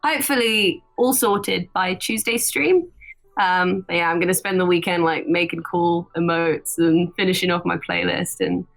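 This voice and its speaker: A woman's voice: on the low side, normal speed, creaky, poor audio. A young woman, a voice actress, chatting casually and cheerfully as an interview guest, laughing often. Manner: giggly, chatty, upbeat.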